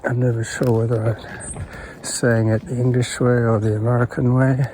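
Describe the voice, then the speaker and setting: A man's voice: medium pitch, little pitch movement, normal speed, dark tone. A man vlogging in a casual, rambling monologue as he walks a golf course trail, recorded on a chest-mounted camera and greeting people he passes. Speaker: podcaster vlogging his morning walk. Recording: outdoor noise clearly behind him.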